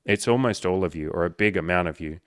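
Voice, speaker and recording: A man's voice: low-pitched, fast talker, dry recording, studio quality. A man who coaches on dating, talking bluntly and emphatically with lots of swearing as he answers a viewer.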